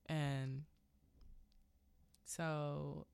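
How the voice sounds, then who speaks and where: A low-pitched, gravelly, darkish female voice comes through with a little hiss or hum, delivered flatly and very slowly. She hosts a podcast, rambling casually through a film recap with laughs between lines and fillers like "yada yada," and English isn't her first language.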